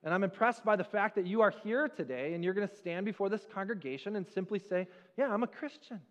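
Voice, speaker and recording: A man preaching a sermon as pastor in a church, with a conversational, animated storytelling manner. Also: sits high, fast, big-room sound, muffled recording. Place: church sanctuary.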